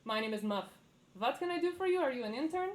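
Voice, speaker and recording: A woman's voice: high voice, expressive, fast, poor audio. Muff, a woman doing a fussy old gnome man. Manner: fussy, flustered, mildly scolding. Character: fussy old gnomish man, wiry and creaky-kneed.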